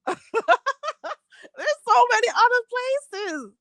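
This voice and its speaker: A woman's voice: medium pitch, animated, normal speed, no echo. A Jamaican woman hosting a livestream, chatting casually and reading viewer comments, laughing often and repeating phrases for emphasis. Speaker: livestream host.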